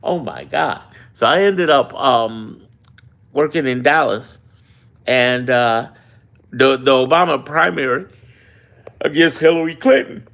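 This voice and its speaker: A man's voice: mid-range voice, gravelly. A man hosting a live political stream, telling stories and chatting with his viewers. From Chicago. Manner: animated storytelling, chatting with his live chat. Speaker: political livestream host. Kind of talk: casual livestream chat with viewers.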